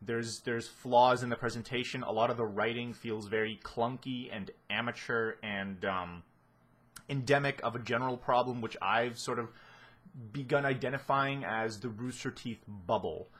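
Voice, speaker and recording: A man's voice: medium pitch, normal speed, a bit bright, slightly rough. A man giving a casual spoken analysis of a series, rambling with many restarts and fillers and a sardonic edge. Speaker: video essayist.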